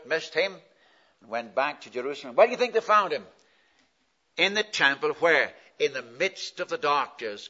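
A man preaching with a bright, forceful edge, swinging between quiet asides and loud, emphatic peaks. He keeps asking the listeners questions and answering them himself. The old recording sounds dull and lo-fi. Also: mid-range voice. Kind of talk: sermon.

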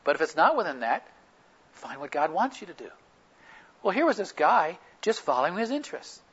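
A man delivers a sermon as a vivid personal anecdote, his somewhat high voice swinging widely in pitch. His tone is husky and slightly breathy. The recording is dull and lo-fi. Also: brisk. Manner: animated anecdotal storytelling with lively quoted dialogue. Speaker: preacher. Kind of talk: sermon storytelling.

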